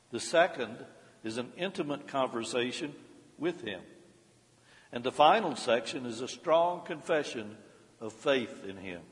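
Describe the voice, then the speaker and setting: Pastor preaching in a reverberant hall. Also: male voice, mid-range voice. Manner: measured, rising emphasis on scripture, dropping on references. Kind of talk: sermon reading a devotional commentary. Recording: long reverb of a large hall.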